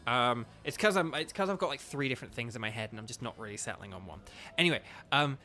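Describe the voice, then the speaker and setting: A man's voice: medium pitch, expressive, quick pace, bright, forceful tone, soft background music. A man giving casual, rambling commentary while playing a video game, chatting to viewers. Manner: rambling, chatty, lots of fillers. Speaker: gaming YouTuber and voice actor.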